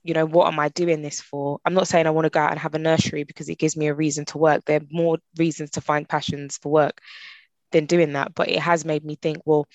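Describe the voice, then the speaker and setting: A woman's voice: fast talker, no echo. A woman in her thirties co-hosting a podcast, chatting casually and acting out little quotes. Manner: animated, acts out quotes with high voices. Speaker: podcast co-host. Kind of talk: casual chat.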